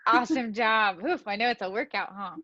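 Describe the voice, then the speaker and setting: Higher-voiced woman as a gentle, encouraging speech clinician, over dry, dull video-call audio. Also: brisk, no echo. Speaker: student speech-language clinician. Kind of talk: clinical exam instructions.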